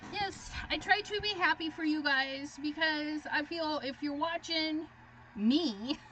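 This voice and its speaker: A woman's voice: sits high, takes it slowly, pushed and bright, slight background noise. A middle-aged woman hosting a crafting livestream, chatting casually and chipperly as she works and tells stories. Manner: chatty, chipper storyteller reading viewer comments. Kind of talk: casual chat while crafting.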